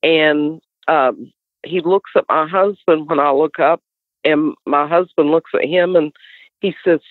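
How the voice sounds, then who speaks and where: A middle-aged woman with a West Virginian accent, telling a story as an animated guest. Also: low-pitched, unhurried, no room sound. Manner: animated storyteller, acts out others' voices. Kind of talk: casual storytelling. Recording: tinny dry phone line.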